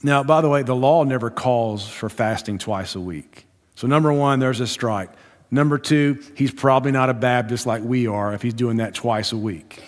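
A male Baptist pastor preaching a sermon in a measured storytelling way, slowing down for emphasis. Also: medium pitch. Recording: long hall reverb.

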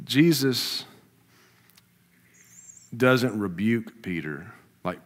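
A man's voice: unhurried, long pauses. Man preaching a sermon in a reverberant hall. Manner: animated, swings from loud emphatic lines to low asides. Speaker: pastor. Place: church sanctuary with a congregation.

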